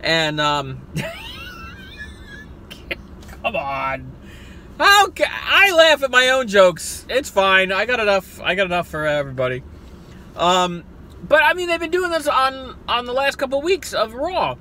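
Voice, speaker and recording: A man's voice: high voice, moderate pace, slight background noise. A man with a South Jersey accent ranting casually about wrestling picks from a parked car, profane and jokey. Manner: profane, excitable, jokey rants. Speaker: wrestling vlogger.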